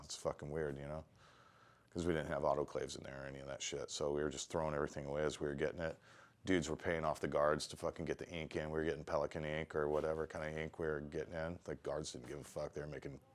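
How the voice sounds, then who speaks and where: A man's voice: extremely low pitch, fast talker, slight background noise. A middle-aged man, a tattoo artist, telling rambling, profane stories in a casual interview. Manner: profane, rambling, animated storytelling.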